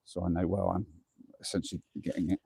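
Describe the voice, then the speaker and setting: This Englishman narrates his nighttime camping livestream in a low, gravelly, mellow and husky voice, talking fast but with a flat delivery. He's chatty and pokes fun at himself, breathing hard as he works through each job.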